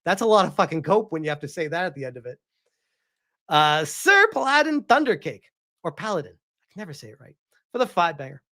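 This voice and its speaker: A woman's voice: sits low, very fast. A woman hosting a casual livestream. She reads viewer donations aloud and rants back at them, incredulous and often swearing. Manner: animated, incredulous ranting with frequent swearing. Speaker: streamer host reading viewer donations.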